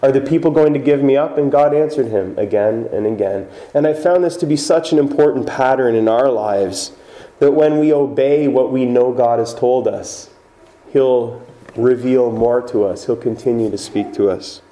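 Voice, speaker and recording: A man's voice: medium pitch, moderate pace, dark tone. Man preaching in an echoey church. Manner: conversational preaching, acts out quoted voices. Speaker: pastor. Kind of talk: sermon. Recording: echoey room with faint ambience.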